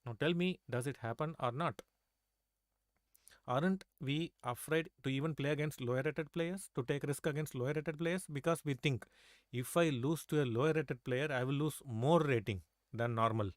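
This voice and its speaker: A man's voice: fairly high pitch, normal speed, no room sound. Man coaching chess, dry close voice. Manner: coaxing, asks students rhetorical questions with tag "right?". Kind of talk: live online chess lesson.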